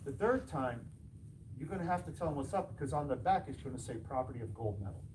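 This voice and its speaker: A martial arts school owner speaks to a live audience, spinning animated anecdotes and playing every part in the dialogue himself. His voice sits at a medium pitch. The mic picks him up from some distance, with plain room noise underneath. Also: racing. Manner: animated anecdotes, acting out quoted dialogue with laughs. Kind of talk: storytelling talk to an audience.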